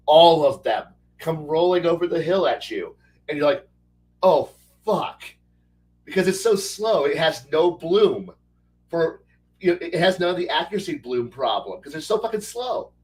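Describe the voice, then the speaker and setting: A man's voice: on the high side, recorded from a distance, poor audio. Rambling, cursing man, a bit off-mic. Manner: rambling, profane, animated. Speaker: podcast co-host. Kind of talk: casual chat.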